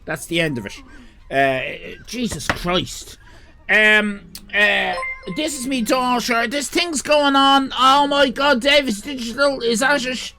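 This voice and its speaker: An Irish man in his fifties hosting a comic livestream, rambling crudely with sudden shouted bursts. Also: very high-pitched, slow pace, gravelly, soft background music. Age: 50s. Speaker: comedy livestream host. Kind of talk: improvised comic monologue.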